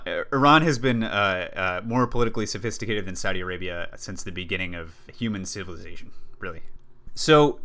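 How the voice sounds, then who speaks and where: Guy, low bright voice, chatty explainer, lots of um and uh. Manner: explanatory, many restarts and fillers. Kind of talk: casual political discussion.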